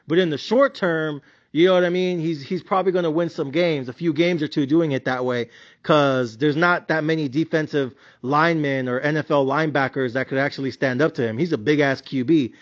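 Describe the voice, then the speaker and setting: A man's voice: fairly high pitch, a little fast, highs cut off. A man giving a blunt, profane, slangy rant reviewing his sports bets. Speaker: sports betting commentator.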